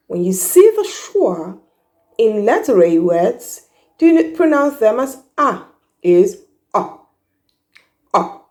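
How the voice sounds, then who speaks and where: A woman's voice: fairly high pitch, dark tone. A woman teaching pronunciation, carefully enunciating and drawing out each sound she demonstrates. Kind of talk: slow, deliberate pronunciation lesson.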